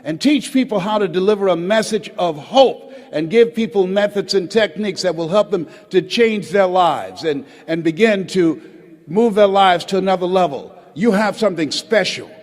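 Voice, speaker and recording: A man's voice: sits high, animated. An older man, a motivational speaker from the United States, addressing a live audience and calling on them to raise hands and repeat after him. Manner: calls for audience responses, dramatic pauses. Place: large auditorium. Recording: hall reverb.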